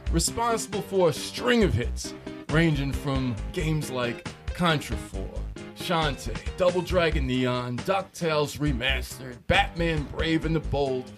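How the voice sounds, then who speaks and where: A man's voice: a little high, animated, measured pace, over music. A man hosting a video game podcast in a casual, eager, talkative way. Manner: eager, talkative, self-correcting. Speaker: podcast host.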